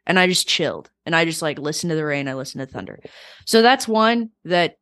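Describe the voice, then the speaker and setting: A woman talking casually on a podcast, telling personal stories in a reflective, animated way with many fillers. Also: sits low, brisk, no room sound, clean studio sound. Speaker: guest.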